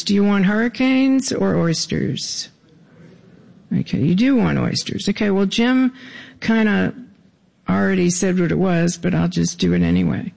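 A man with a gravelly voice reading his own writing aloud to an audience, with dry, wry asides. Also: high voice, darkish tone.

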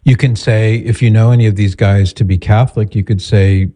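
A male host giving direct, steady advice to a caller. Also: fairly low pitch, fairly quick, hardly any pauses. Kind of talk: advice talk show.

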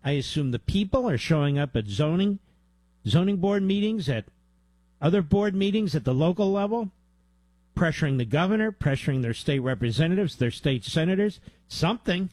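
An indignant male talk radio host with a dark, mellow tone. His voice is close and dry, with no room sound, and his pitch climbs as he presses each point. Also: animated, normal speed, dry recording. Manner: indignant, emphatic, rises in pitch when heated.

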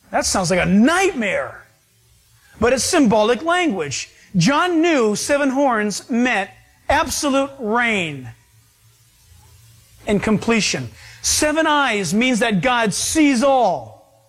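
A man preaching a sermon to his congregation, emphatic and slowing down to stress his points. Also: very high voice, sing-song, fairly bright tone. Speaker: pastor.

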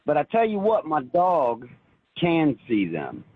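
Husky man talking over a tinny phone line. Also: on the high side, wildly swooping pitch, takes it slowly, no room sound. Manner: earnest, rambling, repeats words when stirred. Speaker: caller. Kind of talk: emotional call-in storytelling.

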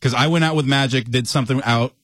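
A man's voice: mid-range voice, fairly even intonation, fast talker, fairly bright tone, no room sound. A man, a radio show producer, casually telling stories about his nicknames in the studio.

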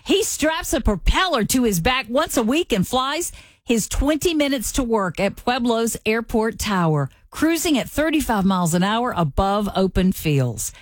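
A woman's voice: a little high, very animated, moderate pace, dry recording, clean studio sound. A woman co-hosting a morning radio show, telling a news item with upbeat enthusiasm. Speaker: radio co-host.

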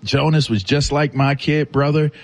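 A man in mid-pitch co-hosting sports radio. He teases his partner with loose laughter and rambling, repeated words, in everyday casual banter. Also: fairly even intonation, moderate pace.

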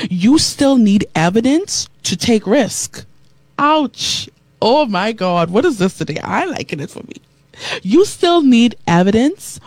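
A woman radio host preaching to listeners in a lively, repetitive style, reading out their texted comments. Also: medium pitch, dry recording. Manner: animated preacherly delivery, repeating phrases, reading comments aloud. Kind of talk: preaching talk show with listener texts.

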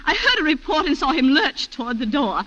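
An actress playing a refined colonial wife who tearfully recounts a shooting, in a 1940s radio drama style. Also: female voice, high voice, sing-song, fairly quick, fairly bright tone. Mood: distraught. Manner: breathless, emotional, refined. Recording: muffled old radio recording.

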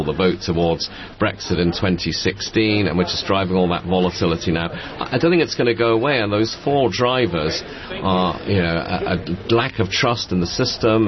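A man working as a political correspondent, giving emphatic, lively news analysis on the radio with the occasional chuckle. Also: low-pitched. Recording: muffled broadcast audio.

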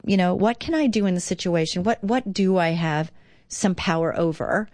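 On a devotional talk show, a middle-aged woman reads and reflects in an encouraging, earnest tone that climbs as she emphasizes things. Her voice is lowish and somewhat dark, at normal speed, recorded cleanly in a studio with no room sound.

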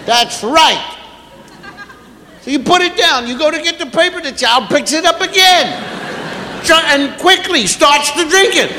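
A middle-aged man doing an animated stand-up routine, acting out parents scolding children. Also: extremely high pitch, a little slow, long pauses, a little hiss or hum. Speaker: stand-up comedian. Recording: echoey live hall.

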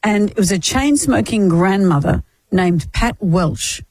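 A woman's voice: medium pitch, expressive, unhurried, a little mellow, no room sound. A woman co-hosting a radio show, chatting in a wry, storytelling way. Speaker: radio co-host. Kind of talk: casual radio banter. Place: radio studio.

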